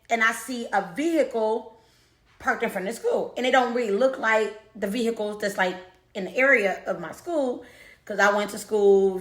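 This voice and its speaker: Woman storyteller, animated and chatty, addresses the viewer; bright tone, echoey room. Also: fairly high pitch. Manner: animated, repeats herself, talks to the audience. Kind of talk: casual storytelling to camera.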